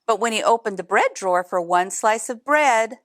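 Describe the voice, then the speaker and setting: A woman reading a picture book aloud in an expressive way, adding chatty asides to young listeners. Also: on the high side, normal speed, dry recording, clean studio sound. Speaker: storybook reader.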